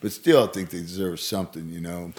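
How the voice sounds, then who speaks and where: A man's voice: low voice, fairly quick. A man with a Southern American accent, from Arkansas, talking in a rambling, hesitant, casual way on a podcast. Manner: rambling, hesitant, soft-spoken asides. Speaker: podcast co-host. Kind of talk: casual chat.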